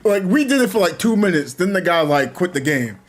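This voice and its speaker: A man's voice: sits high, sing-song, fairly quick, a little hiss or hum. A young man, chatting casually and animatedly about online gaming, laughing often and using slang. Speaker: gaming streamer. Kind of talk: casual chat.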